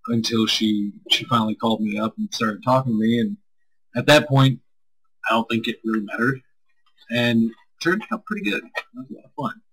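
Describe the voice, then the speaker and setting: A man's voice: on the low side, fairly bright tone, breathy edge, rough recording. A man co-hosting a live stream, answering chat in a loose, rambling way and swearing freely. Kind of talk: casual chat.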